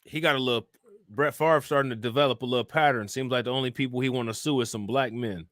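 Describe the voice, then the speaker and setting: He has a medium-pitched, slightly bright voice with fairly even intonation and a quick pace, recorded at studio quality with no room sound. The man hosts a live-stream crime show, casually reading charges, reports and chat aloud before reacting and questioning viewers. Conversational and loose, he keeps asking "you know what I'm saying?"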